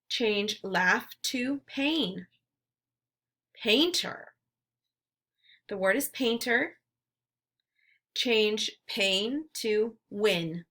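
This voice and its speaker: Woman teacher, bright voice, slow deliberate delivery for a phonics drill. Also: medium pitch. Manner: slow, clearly enunciated word drills. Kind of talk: phonemic awareness lesson drill.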